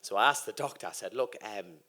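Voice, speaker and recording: At a live podcast event, a guest racer in his thirties tells a long, sweary anecdote on stage, acting out the voices of the people in it. His fairly low voice is sharp in tone, fairly quick, with lively intonation.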